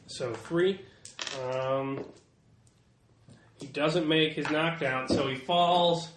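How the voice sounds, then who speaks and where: A man's voice: on the high side, fairly even intonation, drawn-out words, roomy sound, background noise. A man running a tabletop role-playing game as game master, loose and joking with many fillers.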